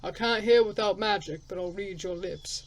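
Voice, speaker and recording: A woman's voice: medium pitch, moderate pace, lightly acted, low-quality recording. A woman voicing a stern old male forest hermit who talks in blunt, curt, unwelcoming lines for a story game.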